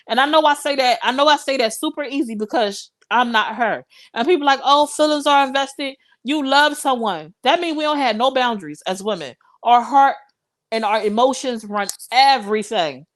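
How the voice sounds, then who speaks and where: Young woman, live-stream host, impassioned and preachy, casual commentary, talks to viewers. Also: high voice.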